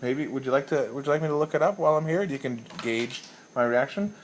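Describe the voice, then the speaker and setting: A man giving a casual, rambling comic monologue as a league commissioner, swearing freely and telling a story deadpan. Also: mid-range voice, fast talker, a little hiss or hum.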